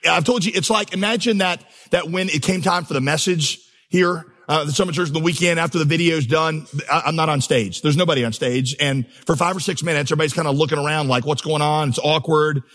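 Male pastor, sermon, impassioned, storytelling, emphatic crescendos, fairly high voice. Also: a little fast, fairly bright tone. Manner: storytelling, humorous asides.

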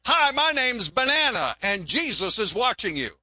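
A chirpy house parrot with a high, sharp little voice, put on by a man telling a joke. It repeats its greeting in a sing-song way, and the sound is dry and close. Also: sing-song, moderate pace, dry recording, full character voice.

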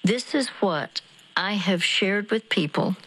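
Slow, gentle woman counselor on radio. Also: mid-range voice, animated, rough recording.

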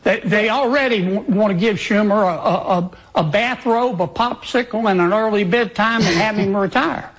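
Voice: mid-range voice, moderate pace, few pauses, low-quality recording. A political commentator, joking and stumbling over words as he riffs.

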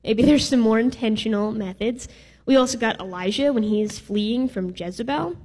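A woman's voice: fairly high pitch, moderate pace, a little mellow. A woman preaching a sermon in a casual, playful way with some filler words. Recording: reverberant hall.

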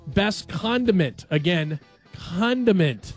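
A man's voice: sits high, animated, slow pace, soft background music. A man hosting a sports radio show, chatting casually with his co-hosts and laughing often. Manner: chatty, laughs often, jokey quoted voices.

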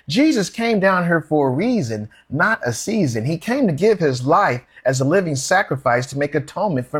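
A man's voice: mid-range voice, husky. A man preaching a sermon, explaining scripture in plain, street-wise everyday talk.

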